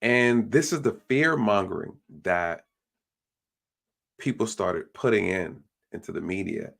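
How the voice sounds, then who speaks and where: A man's voice: on the low side, a little slow, gravelly, fairly bright tone. A man hosting a live stream, talking bluntly in a ranting way and mimicking the people he quotes. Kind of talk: casual opinion talk.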